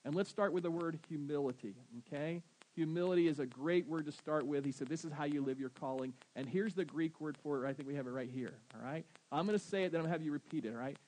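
A man's voice: fairly high pitch, fast talker, darkish tone, rough recording. A man with a Southern American accent preaching a sermon as pastor, often asking his congregation questions.

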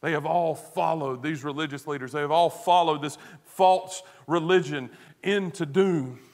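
A man preaching a sermon as pastor, earnest, moving between hushed tones and emphatic stress, with rhetorical questions. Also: on the high side, normal speed.

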